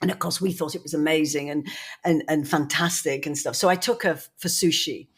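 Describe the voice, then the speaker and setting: Woman, lower register, rambling and chatty, laughs through her anecdotes. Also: fairly even intonation, brisk, husky. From England. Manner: rambling anecdotes, laughing, many restarts and "you know". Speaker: podcast co-host. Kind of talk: casual storytelling chat.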